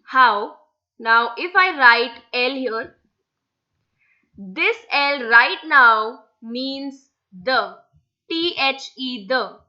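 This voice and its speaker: Woman, young adult, language tutor, patient, spells letters out, unhurried delivery, high voice. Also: expressive, pushed and bright, dull audio. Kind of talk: slide-based language lesson.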